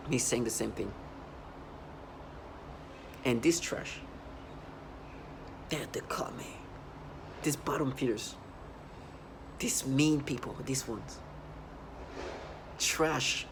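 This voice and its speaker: A man delivering an agitated, repetitive monologue for a video, swinging between low muttering and loud outbursts. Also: takes it slowly, long pauses, noisy background. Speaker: vlogger.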